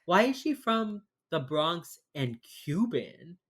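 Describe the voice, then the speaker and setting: A man's voice: fairly high pitch, sing-song, slow, fairly bright tone. A man co-hosting a podcast, tipsy and ranting with heavy sarcasm and casual swearing while recapping a TV episode. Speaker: podcast co-host.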